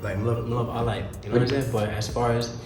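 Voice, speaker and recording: A man's voice: medium pitch, flat delivery, a little fast. A young man, a recording artist, telling stories in a casual interview with loose slang and frequent laughter. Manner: laid-back slangy storytelling, laughs often. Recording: echoey room with music playing.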